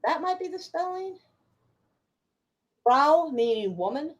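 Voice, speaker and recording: A woman streamer in casual chat, her voice sitting a little high and swinging all over the place. She talks freely, swears without a second thought and laughs often, like someone at ease with her viewers. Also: expressive, slow. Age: adult.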